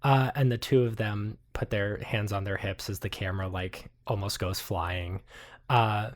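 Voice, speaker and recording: A man narrating a tabletop game as game master, hesitant and full of pauses but animated. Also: on the low side.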